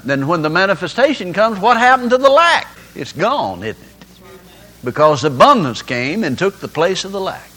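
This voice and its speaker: A man's voice: a little high, fairly bright tone, low-quality recording. A man preaching a sermon, telling folksy stories and acting out the people in them. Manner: folksy storytelling with acted-out voices.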